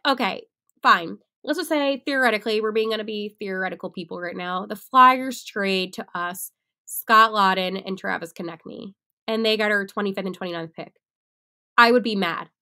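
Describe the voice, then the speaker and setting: A young woman hosting a solo sports podcast, animated and excitable, often laughing at herself. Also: medium pitch. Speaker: podcast host.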